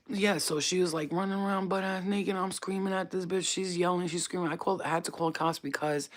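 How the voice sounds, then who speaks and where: A woman livestreaming as a psychic reader, casually telling a story to her chat, swearing often and repeating phrases for emphasis. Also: deep voice.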